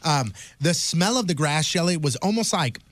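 A man co-hosting a podcast in casual chat, an excitable storyteller who stammers on restarts. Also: a little high, moderate pace, no room sound. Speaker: podcast co-host.

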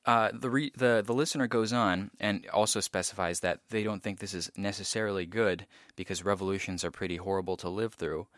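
A man co-hosting a podcast, talking thoughtfully with many pauses and ums. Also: fairly low pitch, fairly even intonation, a bit bright, dry recording, clean studio sound. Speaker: podcast co-host. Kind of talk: casual discussion.

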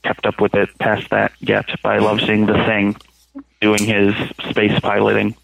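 A man's voice: on the low side, monotone, moderate pace, creaky, fairly bright tone, low-quality recording. A man co-hosting a podcast, joking around and reading listener messages in casual chat. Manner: joking, playful. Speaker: podcast co-host.

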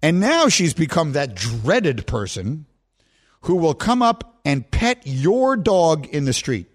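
A man's voice: fairly high pitch, takes it slowly. A man hosting a sports radio show from a studio microphone, telling stories in casual banter and often cracking himself up. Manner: animated storyteller, breaks into laughter.

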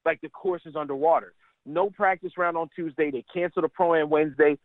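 A middle-aged man, a caddie and stand-up comedian, telling animated, laughing stories as a radio interview guest. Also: a little high, brisk, dry recording. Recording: tinny phone line, dry.

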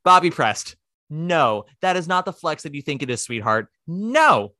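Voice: medium pitch, no echo. Opinionated podcast host, dry close sound. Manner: animated and opinionated, quick asides. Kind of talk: casual chat.

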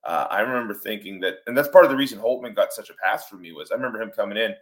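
Deep-voiced man talking college football. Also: animated. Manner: measured, thinking aloud with fillers. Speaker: sports podcast co-host. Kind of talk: casual sports talk.

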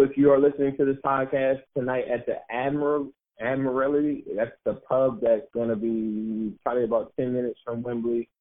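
A man's voice: mid-range voice, level tone, brisk, few pauses. A man co-hosting a podcast, talking casually about football and laughing at himself. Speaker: podcast co-host. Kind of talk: casual sports talk. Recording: narrow phone-like sound.

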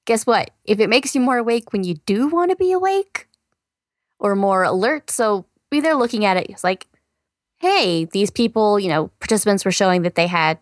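A woman's voice: mid-range voice, big pitch swings, fairly quick, dry recording. A woman co-hosting a casual science podcast, chatty and full of "you know" fillers. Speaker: science news co-host.

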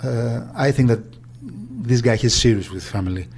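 A man with a Greek accent recalling events in an interview, halting speech with many fillers and restarts. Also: mid-range voice, darkish tone, a little hiss or hum. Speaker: agent. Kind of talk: interview recollection.

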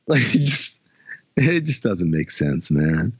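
A man's voice: fairly high pitch, moderate pace, husky, no echo, dull audio. A man co-hosting a podcast, ranting in casual chat about a TV show with exasperated, mocking asides. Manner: animated, exasperated ranting with mock quotes. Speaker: podcast co-host.

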